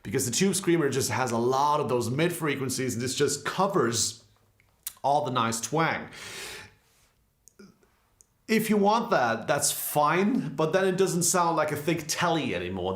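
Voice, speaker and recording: A man's voice: medium pitch, expressive, unhurried, fairly bright tone. A man in a casual guitar lesson, explaining pedal tones in a loose, conversational way with frequent fillers. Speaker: guitar teacher. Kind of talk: casual gear demonstration. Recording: echoey room with faint guitar music.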